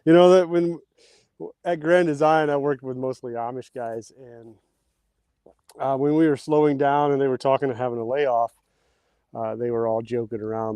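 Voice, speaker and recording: Out digging post holes, this livestream host keeps up a chatty running commentary, reading viewer comments aloud and at times sounding winded. His mid-range voice has a warm tone, captured in a dry recording.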